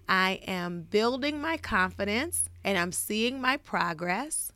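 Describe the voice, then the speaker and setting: A middle-aged woman therapist giving a gentle, encouraging self-help talk. She often checks in with listeners by asking "right?". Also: mid-range voice, no room sound. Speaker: therapist and podcast host.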